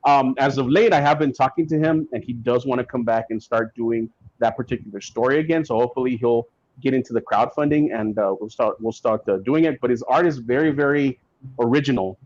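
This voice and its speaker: A man's voice: mid-range voice, fairly quick. Guy rambling through stories on a podcast, does little voices for people, kinda dull lo-fi sound. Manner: animated, acts out quotes from people in his stories. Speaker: guest comic writer. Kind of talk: casual podcast storytelling.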